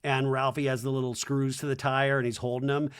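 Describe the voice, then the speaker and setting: A man's voice: medium pitch, clear, resonant tone. A man hosting a podcast, chatting casually and animatedly as he recaps a reality show. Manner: animated, chatty, quick to act out quotes. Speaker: podcast host.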